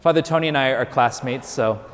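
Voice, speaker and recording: Male priest, mid-range voice, casual storyteller with dry humor, booming church reverb. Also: brisk, a bit bright. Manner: conversational, lightly joking storytelling. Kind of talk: sermon.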